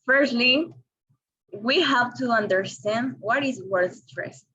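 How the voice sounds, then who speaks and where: A young woman with Spanish as her first language, giving a careful, deliberate lesson presentation in English. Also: fairly high pitch, pushed and bright, husky. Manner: careful, deliberate, with small restarts. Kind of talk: read-aloud lesson presentation. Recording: dull lo-fi recording.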